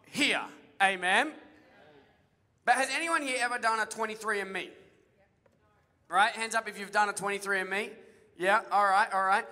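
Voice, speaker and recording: A pastor with a very high, bright voice preaches an energetic sermon, cracking jokes and firing questions at the congregation. Long reverb from the large church hall follows his words.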